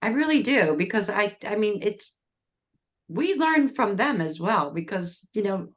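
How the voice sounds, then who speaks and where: A woman's voice: mid-range voice, very animated, a little slow. A middle-aged woman hosting a podcast, chatting enthusiastically and rambling with casual swearing. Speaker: podcast host.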